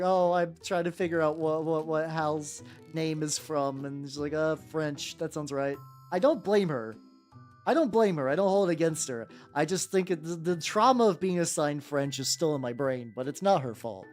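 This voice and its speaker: A woman streaming while she paints miniatures, chatting casually with viewers in a playful, rambling way with some swearing. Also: deep voice. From United States. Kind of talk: casual livestream chat. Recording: faint background music.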